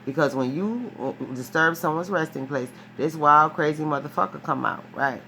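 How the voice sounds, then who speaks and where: A woman with a low voice and vocal fry, at a moderate pace, gives a casual, rambling tarot reading with a little hiss or hum present. She's animated and emphatic, swears freely, restarts often, and keeps checking in with "right?"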